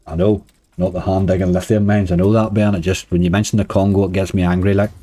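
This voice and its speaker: Hoarse Northern Irish man, chatty streamer. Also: sits low, level tone, quick pace, mellow, no echo, faint music behind. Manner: chatty, uses "wee" and "like" often. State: hoarse, dry throat. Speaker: slots streamer. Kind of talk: casual live-stream chat.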